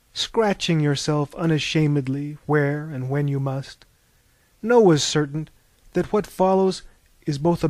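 A man's voice: on the high side, darkish tone, dry recording. A man reading an audiobook in a wry, mock-epic storytelling tone. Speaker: audiobook narrator. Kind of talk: scripted narration.

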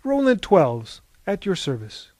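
A man's voice: sits high, wildly swooping pitch, unhurried, a little mellow, no echo, pitched above the performer's own voice, exaggerated voice. A man voicing a formal, dramatic author and film director in an audiobook. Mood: gracious. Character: proud, emotional male author and film director.

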